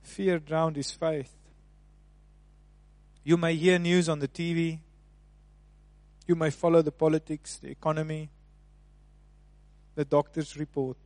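A man preaching a sermon, swinging between soft, hushed passages and loud, emphatic ones. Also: fairly high pitch, little pitch movement, measured pace, pauses often, no echo.

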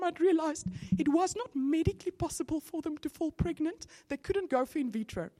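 A middle-aged woman, giving an animated testimony in a sermon, with sudden bursts of excitement. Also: very high-pitched, brisk, few pauses.

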